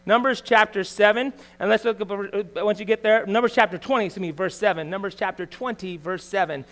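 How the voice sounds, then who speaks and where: A middle-aged man as pastor, preaching a conversational sermon full of rhetorical tag questions, swinging between loud emphasis and quiet asides. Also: high voice, fairly quick.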